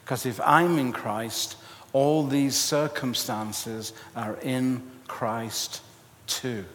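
A man's voice: medium pitch, extremely slow, a little hiss or hum. Man preaching in a reverberant hall. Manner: animated storytelling, self-mocking humor. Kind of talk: sermon with personal story.

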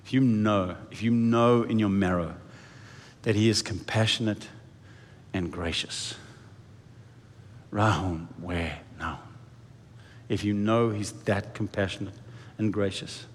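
A man preaching a sermon in an animated way, swinging his pitch and volume as he acts out quoted voices. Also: slow pace, pauses often. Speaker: pastor. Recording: echoey hall reverb.

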